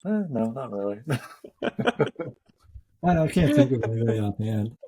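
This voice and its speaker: A man's voice: medium pitch, sing-song, unhurried, warm tone, slight background noise. Chatty man telling a running story. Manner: chatty storyteller, laughs often. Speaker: running podcast host. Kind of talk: casual chat.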